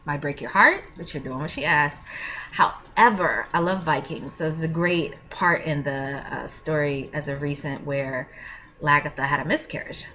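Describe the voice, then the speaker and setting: An earnest woman talks straight to the camera in a casual advice vlog, slangy, frank and openly emotional. Her voice sits on the low side for a woman, and a faint hiss of room noise runs under it. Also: moderate pace, sharp tone. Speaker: vlogger giving parenting advice.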